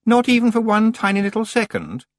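A man voicing a prim, fussy young witch girl in a high, affected voice. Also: wildly swooping pitch, moderate pace, no echo, studio quality, full character voice. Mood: falsely playful.

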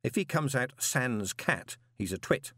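A man reading a novel aloud as an audiobook narrator, dramatic and expressive with drawn-out pauses. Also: mid-range voice, no room sound. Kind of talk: scripted narration. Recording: dry close studio recording.

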